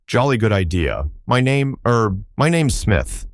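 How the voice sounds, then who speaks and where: A man's voice: medium pitch, very animated, measured pace, no echo, studio quality, voice pushed up. A man voicing a nervous, apologetic upper-class young man who stammers and bumbles through his words. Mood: flustered.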